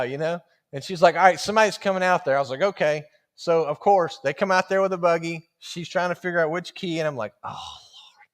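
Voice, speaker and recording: A man's voice: on the high side, a bit bright. A man preaching in a folksy, humorous storytelling style, laughing through his stories. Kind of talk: storytelling sermon.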